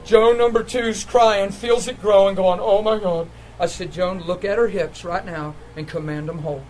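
A man preaching a sermon, telling a healing story with laughter and sudden excited jumps in his voice. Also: normal speed, slight background noise, rough recording. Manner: animated storytelling, laughing, voice jumping high when excited.

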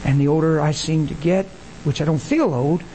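A man preaching a sermon, telling stories and acting out the dialogue with animated energy. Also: fairly quick, low-quality recording. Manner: animated, acts out dialogue, rises in pitch when excited. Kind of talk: sermon with storytelling.

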